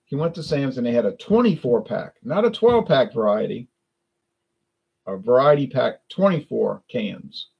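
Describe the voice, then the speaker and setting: A man's voice: mid-range voice, expressive, moderate pace, vocal fry, breathy edge, muffled recording. A man from South Louisiana with a South Louisiana accent, rambling through a casual live-stream chat about drinks with lots of restarts and self-corrections.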